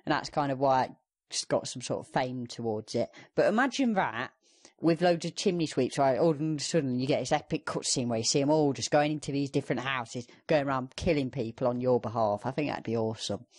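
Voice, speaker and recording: A man's voice: mid-range voice, fairly quick, a little mellow. A young man co-hosting a gaming podcast, chatting casually with lots of fillers and a sarcastic streak. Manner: rambling, filler-heavy, sarcastic. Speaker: podcast co-host. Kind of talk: casual banter.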